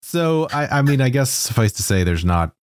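A man co-hosting a casual podcast chat, joking in a dry, deadpan way. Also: mid-range voice, moderate pace, clear, resonant tone, no echo. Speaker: podcast co-host.

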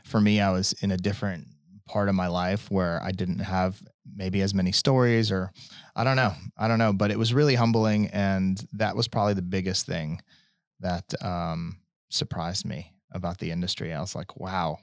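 A man's voice: low voice, steady tone, moderate pace, gravelly, dry recording, clean studio sound. A young man talking casually as a podcast guest, rambling with restarts and frequent laughs. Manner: rambling, self-interrupting, laughs often. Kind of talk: casual chat.

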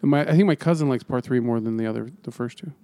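A man's voice: medium pitch, quick pace, dark tone, no room sound. A man co-hosting a casual podcast chat who keeps cutting in with crude jokes. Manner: crude joking interjections. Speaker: podcast co-host.

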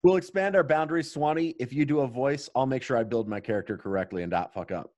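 A man's voice: mid-range voice, fast talker, a little mellow, no echo. A man co-hosting a tabletop gaming podcast in casual chat, laid-back and blunt with casual swearing. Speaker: podcast co-host and tabletop player.

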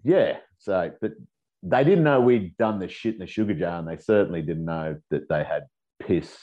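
A man's voice: sits low, normal speed, muffled recording. A middle-aged Australian man, a podcast guest, telling profane, rambling stories in casual chat. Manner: profane, rambling, animated storyteller. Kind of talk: casual storytelling.

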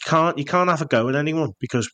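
A man's voice: fairly high pitch, fast talker, fairly bright tone, no room sound. A man with a Scouse accent, a guest in a casual interview, talking bluntly and jokily with some swearing. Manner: blunt, jokey, swears freely. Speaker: guest copywriter.

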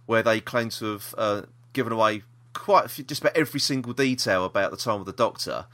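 A man's voice: fairly low pitch, fast, sharp tone. A man co-hosting a casual podcast chat, rambling with restarts and laughter. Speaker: podcast co-host.

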